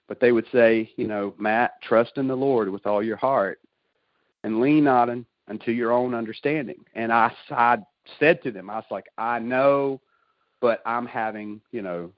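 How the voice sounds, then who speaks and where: A man recounting a turning point in his life with folksy earnestness and quick laughs at himself. His voice sits at an ordinary pitch, and the recording is dry and a little dull, like a lo-fi call. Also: no echo. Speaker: guest sharing a testimony. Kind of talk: emotional personal storytelling. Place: call over the internet.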